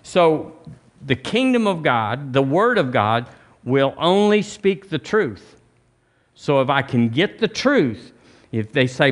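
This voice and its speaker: A man's voice: a little high, sing-song, measured pace, fairly bright tone. A male pastor, preaching a sermon in a folksy, conversational way, repeating phrases and asking the congregation to answer back. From Alabama, US. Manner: folksy, repetitive, conversational preaching with call-and-response. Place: church.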